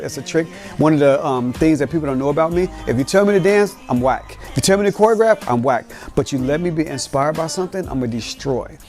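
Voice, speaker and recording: Animated man telling stories with beatbox sounds. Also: a little high. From Cincinnati. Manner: animated, streetwise storytelling with sound effects. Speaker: podcast host. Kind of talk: storytelling.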